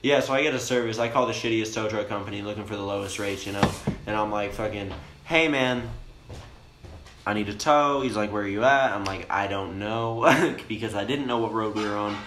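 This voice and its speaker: A young man, a bit high, telling a long profane story in a rambling, laid-back way inside a camper van. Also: fairly quick. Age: young adult. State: high on cannabis. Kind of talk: casual storytelling chat. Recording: roomy with faint noise.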